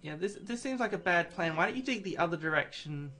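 Playful young American host, highish bright voice, teasing co-op chat. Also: male voice, animated, quick pace. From United States. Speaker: gaming channel host. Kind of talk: casual gaming chat.

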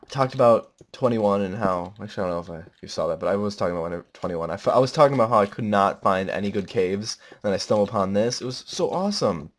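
A man giving rambling, jokey let's play commentary, melodramatic and breaking into loud sudden yelps. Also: on the low side, animated, fast talker, hardly any pauses. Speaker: gamer.

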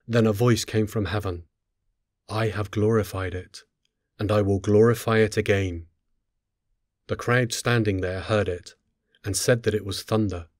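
A man reading scripture aloud in a solemn, measured, unhurried way. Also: fairly low pitch, steady tone, dry recording, studio quality. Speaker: scripture reader.

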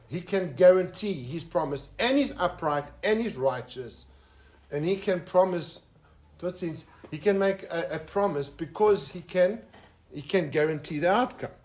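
South African preacher, Afrikaans-speaking man, higher-pitched voice, chatty joking sermon. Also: a little mellow. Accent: South African English. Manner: joking, conversational, with asides to the listeners. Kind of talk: informal sermon. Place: fellowship lounge.

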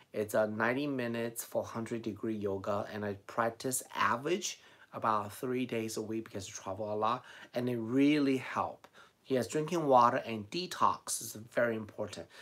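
His mid-range voice has a sharp tone. A middle-aged man with a Chinese accent and a beauty vlogger by trade, he chats casually on his live stream, reading viewer comments aloud, answering them, and laughing often.

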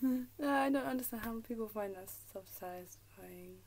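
A woman's voice: a little high, moderate pace, a little mellow. A young woman with an English accent, chatting casually to camera at home, giggling and dropping into whispers. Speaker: vlogger. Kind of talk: casual rambling chat to camera. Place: at home in her room.

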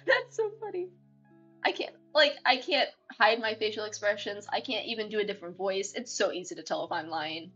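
A bubbly young woman chatting with viewers on her stream, voice at an ordinary middle pitch and full of feeling. She rambles cheerfully and giggles often, with faint music playing behind her. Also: brisk, few pauses, fairly bright tone, highs cut off. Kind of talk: casual live-stream chat. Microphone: desktop mic, no webcam.

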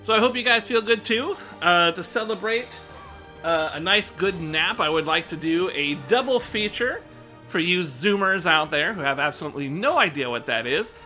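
A young American man rambles casually to his stream viewers, swearing offhandedly and slightly out of breath. His voice is somewhat high for a man, very bright and forceful, animated and at normal speed, with faint music behind him.

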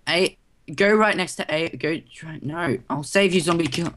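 A young man chatting casually while playing a game at his computer, yelping and shouting in the fights. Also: a little high, normal speed. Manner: excitable, yelps and shouts mid-fight. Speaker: gamer. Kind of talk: casual gameplay chat.

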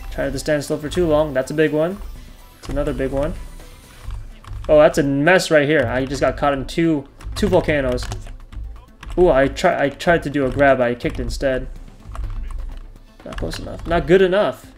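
A man hosting his own gaming channel, talking through his play, yelling and laughing at close calls. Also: fairly high pitch, moderate pace, pauses often, soft background music. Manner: chatty, talks over his play. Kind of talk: gameplay commentary.

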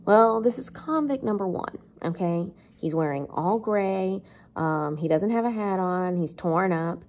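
A woman's voice: medium pitch, animated, measured pace, a little mellow. A woman English teacher giving a casual, chatty literature lesson, filled with fillers and the odd joke. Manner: chatty, lots of fillers, jokes.

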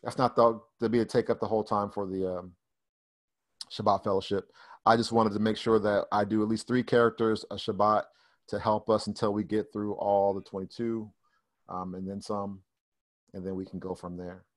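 A man's voice: on the low side, level tone, normal speed. A man teaching a group over a video call in a casual, conversational way, often restarting and repeating himself as he explains. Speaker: Bible Hebrew teacher. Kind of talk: casual online study session. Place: online fellowship call.

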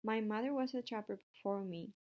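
Charlotte, a woman doing a calm spider. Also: medium pitch, close to an everyday voice. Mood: explaining. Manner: matter-of-fact, measured. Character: female spider, calm, clever and matter-of-fact. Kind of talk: storybook read-aloud.

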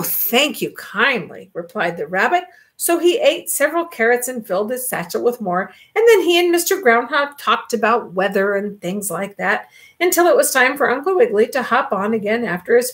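Older woman reading a storybook, lively. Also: on the high side. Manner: animated, expressive read-aloud.

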